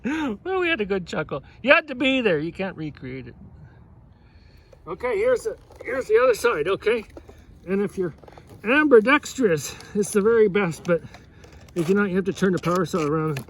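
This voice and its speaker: A man who runs a fishing lodge sharpens a chainsaw while giving rambling, folksy work advice, chuckling along the way. His voice is high-pitched, a bit bright and animated, at a moderate pace. He often repeats himself and restarts.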